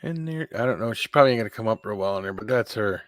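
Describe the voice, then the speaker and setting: A man's voice: on the low side, expressive, very fast, dry recording, clean studio sound. A man hosting a casual live-stream chat, rambling and talking to his viewers. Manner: rambling, keeps clearing his throat. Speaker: host of a live hangout stream.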